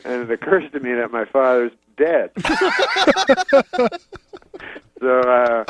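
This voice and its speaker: A man from Canada, a comedian appearing as a talk show guest, telling a long anecdote in a halting, deadpan way. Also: mid-range voice, noisy background. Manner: halting, deadpan, full of fillers and restarts. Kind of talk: casual rambling anecdote.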